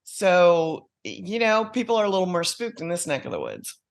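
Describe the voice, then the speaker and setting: A woman's voice: on the low side, sing-song, normal speed. A woman on a panel show, chatting casually and telling personal anecdotes.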